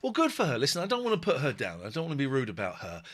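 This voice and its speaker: A man hosts a loose, casual chat show, his voice swinging up and down as he jokes. He is blunt, cheerful and sweary, and his tone stays bright and ringing. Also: mid-range voice, racing. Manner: animated, joking, blunt and sweary. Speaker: host.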